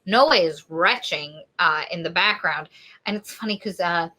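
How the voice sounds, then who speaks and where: A woman's voice: fairly low pitch, measured pace, sharp tone. A woman co-hosting a podcast, casually retelling a novel's plot and acting out the characters' lines. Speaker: podcast co-host. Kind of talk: casual book review chat.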